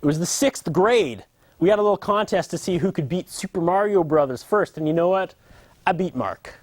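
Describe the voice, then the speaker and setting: A man's voice: high-pitched, lively intonation, moderate pace, dry recording. A man in his thirties delivering a sarcastic, mock-apologetic comedy monologue as host.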